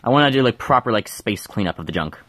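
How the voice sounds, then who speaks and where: A man's voice: on the low side, lively intonation, quick pace, a bit bright, no echo. A man giving casual gameplay commentary, thinking aloud and mumbling with fillers as he plays at home. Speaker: gameplay streamer.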